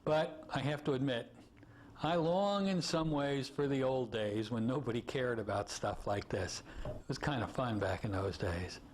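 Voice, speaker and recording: A man's voice: mid-range voice, normal speed. A man, a hypnosis instructor, telling an anecdote in a teaching talk and acting out the people in it. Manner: animated storyteller acting out voices.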